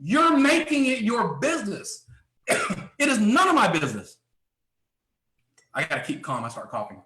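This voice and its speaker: Male motivational speaker, sharp bright tone with wide swings in pitch. Emphatic delivery full of rhetorical questions, with frequent throat clearing. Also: wildly swooping pitch, moderate pace, echoey room. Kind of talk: motivational sales training talk.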